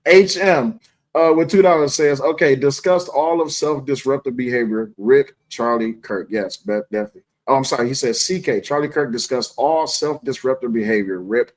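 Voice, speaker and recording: A laid-back man hosts a casual livestream. He speaks at a mid pitch and answers viewer messages bluntly. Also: lively intonation, normal speed. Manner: laid-back, blunt replies to super chats. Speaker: host.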